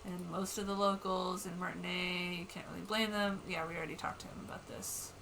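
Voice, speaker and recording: A woman streams a game from home in casual, candid chat, swearing freely and reading in-game text aloud. Her voice is bright and forward, at a middling pitch. Faint noise sits behind her. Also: flat delivery, fairly quick, vocal fry, rough recording.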